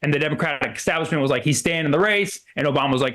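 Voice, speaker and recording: A man performing a rambling stand-up set at a comedy club, full of fillers and quick put-on voices for the people he quotes. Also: a little high, fairly bright tone.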